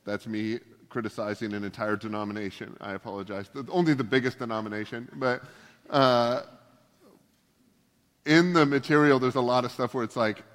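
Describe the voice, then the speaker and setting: A man's voice: mid-range voice, steady tone, normal speed, fairly bright tone. A male pastor giving a casual sermon, full of joking, self-deprecating asides. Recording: long hall reverb.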